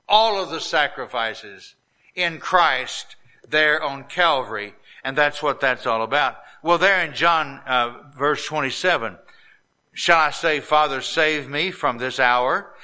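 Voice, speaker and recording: Slow, bright-voiced preacher man. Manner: reads scripture slowly, rising in pitch and volume on quoted lines; drawn-out, deliberate delivery. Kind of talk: sermon.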